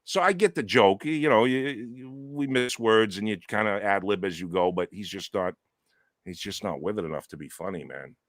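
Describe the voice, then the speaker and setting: A man's voice: on the low side, normal speed, no echo, studio quality. A man co-hosting a casual podcast chat, cracking crude, self-mocking jokes. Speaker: podcast co-host.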